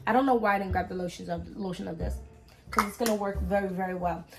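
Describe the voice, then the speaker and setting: A chatty American woman of middling pitch talks straight to her viewers as she tries out body mists and lotions. Soft music plays faintly behind her. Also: fairly even intonation, fast, creaky. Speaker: fragrance vlogger. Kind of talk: casual haul review to camera.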